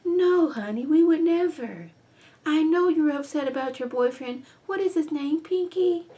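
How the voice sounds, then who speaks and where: A woman's voice: high-pitched, lively intonation, measured pace, mellow, voice pushed up. A woman doing a sugary, scheming lady. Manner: sugary, condescending. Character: fake-nice scheming woman, sugary and condescending.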